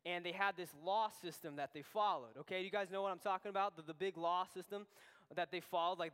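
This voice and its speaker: A youth pastor with a high, smooth voice tells a rambling camp story to a room of teenagers. He is animated and keeps restarting his sentences. The sound rings with the long reverb of a church hall. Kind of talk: youth group talk.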